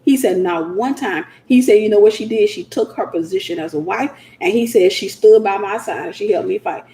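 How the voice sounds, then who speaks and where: A woman's voice: mid-range voice, a little fast, echoey room, slight background noise. A woman hosting a Christian teaching talk, speaking informally and acting out the voices of the people she quotes. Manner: animated, acts out quoted voices.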